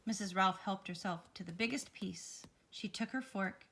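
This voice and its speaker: A woman reading a children's picture book aloud, expressive and lively. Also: mid-range voice, normal speed, creaky, heavy background noise. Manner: expressive, lively character voices. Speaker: read-aloud storyteller.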